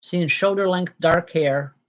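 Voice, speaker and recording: A woman medium giving spirit readings to a live audience, talking in a halting, searching way with many fillers and restarts. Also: lowish voice, rough recording.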